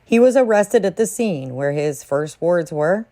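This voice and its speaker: Low-voiced solemn woman narrating true crime. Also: expressive, measured pace, mellow. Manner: solemn, dramatic. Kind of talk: scripted narration.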